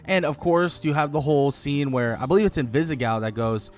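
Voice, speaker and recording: A man giving casual video commentary on a game, rambling and enthusiastic, full of "like" and quick self-corrections. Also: fairly high pitch, soft background music. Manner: rambling and enthusiastic, heavy use of "like", corrects himself. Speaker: gaming video creator.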